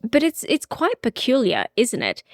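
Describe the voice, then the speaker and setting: A woman's voice: on the high side, huge pitch swings, moderate pace, no room sound, clean studio sound. Frank woman with a blunt manner. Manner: frank, blunt, laughs easily. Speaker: podcast co-host. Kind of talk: casual chat.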